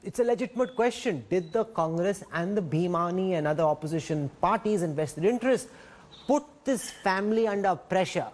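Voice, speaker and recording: An Indian news anchor moderates a TV debate, pressing his panel with measured, probing questions. His voice is notably high for a man. He keeps firm control of the exchange. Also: animated, a little mellow.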